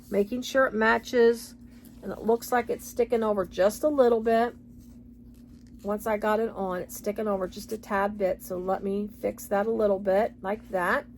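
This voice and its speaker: A woman's voice: a little high, slight background noise. A woman giving a casual sewing tutorial in a chatty, rambling way, full of fillers and restarts. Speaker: sewing pattern designer.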